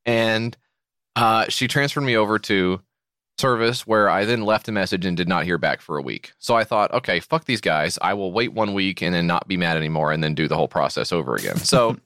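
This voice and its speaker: A man's voice: fairly low pitch, fairly bright tone, dry recording. A man co-hosting a comedy podcast, telling a story with big rises and falls in his voice. He swears freely and acts out both sides of phone calls. The sound is dry and close to the mic. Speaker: podcast co-host. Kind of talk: casual comedic chat.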